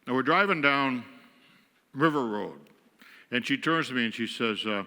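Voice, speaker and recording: A guest speaker from western New York tells wry, self-mocking stories about married life from the pulpit. His voice is bright and forceful. It rings with the long reverb of a church sanctuary. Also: mid-range voice, animated, normal speed. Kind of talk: humorous storytelling sermon.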